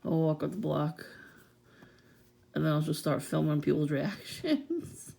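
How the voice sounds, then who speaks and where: A woman talks straight to her viewers in a loose, profane rant and laughs often. Her voice is gravelly and low, with a dark, mellow tone. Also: sing-song, a little slow. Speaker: vlogger. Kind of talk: casual rant to camera.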